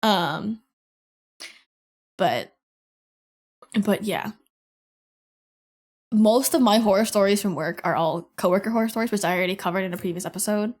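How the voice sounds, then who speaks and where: A woman's voice: mid-range voice, normal speed, long pauses, darkish tone. A woman in her twenties hosting a podcast, chatting casually with profane, slangy banter and frequent laughter. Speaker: podcast host. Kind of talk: casual chat.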